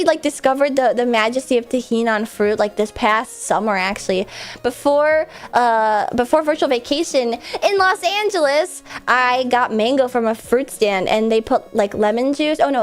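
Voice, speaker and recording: A woman streamer, stuffed up from a cold, chatting casually and giggling while she reads out viewer messages. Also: fairly high pitch. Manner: chatty and giggly, with lots of likes and restarts.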